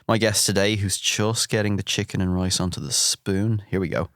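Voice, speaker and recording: A man's voice: lowish voice, steady tone, normal speed, fairly bright tone, clean tone, dry recording, studio quality. An Irish chef in young adulthood hosting a casual food podcast, easygoing and teasing as he asks curious questions. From Ireland.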